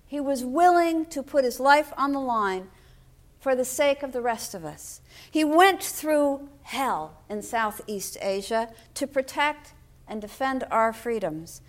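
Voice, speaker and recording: A woman's voice: high-pitched, expressive, a little slow. An older woman pastor delivering a sermon in a storytelling way, with wry humor.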